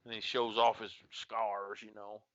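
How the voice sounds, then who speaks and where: A man's voice: on the low side, little pitch movement, measured pace, fairly bright tone, dry recording. Folksy man telling a rambling story. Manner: rambling, folksy, retelling a dad's story with quoted dialogue. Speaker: podcast co-host. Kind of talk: casual storytelling chat. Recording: dull lo-fi podcast audio.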